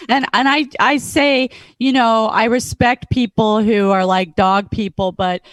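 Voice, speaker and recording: A woman's voice: fairly high pitch, steady tone, unhurried, no echo, rough recording. A woman on a casual chat panel talks in an earnest, conversational way.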